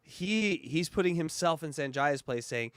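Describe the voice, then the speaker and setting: A man hosting a podcast, commenting on an old radio clip in a rambling, animated way, with swearing. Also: on the high side, a little slow, clear, resonant tone, dry recording. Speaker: podcast host. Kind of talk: casual commentary.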